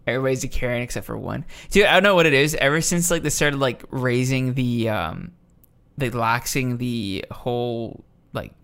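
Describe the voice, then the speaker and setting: A young man co-hosting a podcast in casual chat, excitable and quick to laugh. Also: mid-range voice, vocal fry, smooth. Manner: excitable, laughs often, acts out voices in stories. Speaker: podcast co-host.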